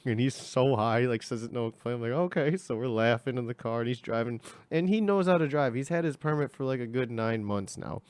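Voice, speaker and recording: A man's voice: medium pitch, a little fast, hardly any pauses, darkish tone, clear, resonant tone, dry recording. A young man telling a casual story, rambling and slangy, acting out the people in it. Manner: rambling, slangy, acts out voices.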